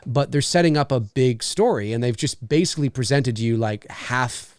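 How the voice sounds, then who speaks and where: Excitable chatty man with lively pitch. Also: moderate pace, clean tone, no room sound, clean studio sound. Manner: chatty, excitable, many restarts. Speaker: podcast host. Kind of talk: casual movie watch-along commentary.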